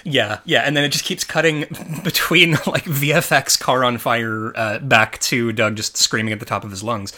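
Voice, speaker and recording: A man's voice: medium pitch, steady tone, normal speed, few pauses, bright, forceful tone. A man co-hosting a podcast, talking casually about movies in a rambling way, with lots of fillers and restarts. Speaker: podcast co-host.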